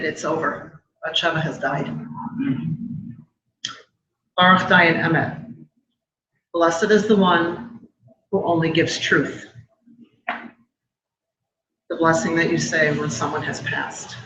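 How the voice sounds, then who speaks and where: A middle-aged woman giving a personal testimony at a memorial event, measured and emotional, with pauses. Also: on the low side. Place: live event hall. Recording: echoey hall, dull sound, noisy.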